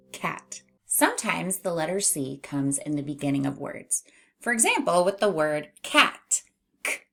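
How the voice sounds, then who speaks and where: A woman's voice: on the low side, animated, moderate pace, creaky. A woman teaching a children's phonics lesson, speaking in a patient, encouraging way.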